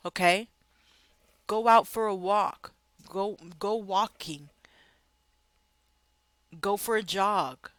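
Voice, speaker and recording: A woman's voice: medium pitch, a bit bright, dry recording. Upbeat woman coaching, dry close sound. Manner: upbeat, coaxing, keeps asking "okay?" and "right?". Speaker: sales coach. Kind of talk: motivational coaching talk to camera.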